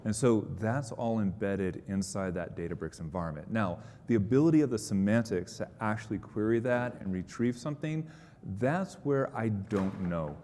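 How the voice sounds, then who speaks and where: Deep-voiced man answering in a hall. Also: lively intonation, moderate pace, mellow. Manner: explanatory, upbeat, conversational. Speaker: conference presenter. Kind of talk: conference Q&A answers. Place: conference hall. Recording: long hall reverb, faint rumble.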